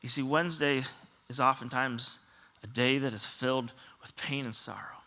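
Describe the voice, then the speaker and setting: A man's voice: mid-range voice, steady tone, normal speed, pushed and bright. A man pastor giving a sermon, telling stories earnestly and often quoting other people. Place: church auditorium.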